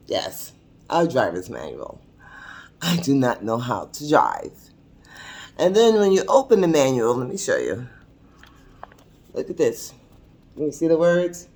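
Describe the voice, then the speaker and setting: A woman's voice: extremely low pitch, a little mellow. A woman in her sixties telling her own story to camera in a chatty, confiding way, often laughing mid-sentence. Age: 60s. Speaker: vlogger. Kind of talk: casual personal storytelling to camera. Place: seated at a table indoors.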